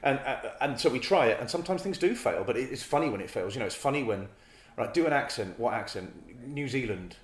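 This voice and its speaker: A man talking casually as a guest about improv comedy, switching into quick acted-out bits of dialogue as he explains. His voice sits at a middling pitch and carries a noticeable echo from the room. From North East England. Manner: animated storyteller acting out little scenes. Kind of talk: casual interview chat. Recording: echoey room.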